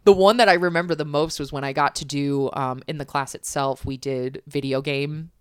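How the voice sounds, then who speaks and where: A woman with a low-pitched voice talks casually, rambling with frequent fillers and restarts. The recording is dry and close. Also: steady tone, normal speed, smooth, no room sound. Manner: chatty, lots of fillers and restarts. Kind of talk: casual chat.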